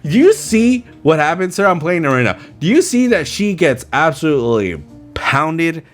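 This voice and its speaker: A man's voice: fairly high pitch, very animated, moderate pace, faint music behind. A male podcast host delivers a casual commentary rant into a pop-filtered studio mic. His voice swings widely up and down as he piles on incredulous rhetorical questions. He sounds exasperated and keeps pressing his point.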